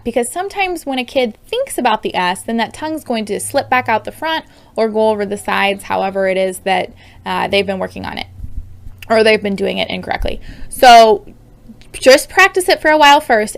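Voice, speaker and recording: A woman's voice: high-pitched, fairly bright tone. A woman in her thirties teaching parents how to help children with speech sounds, in an upbeat, demonstrative way. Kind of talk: instructional video.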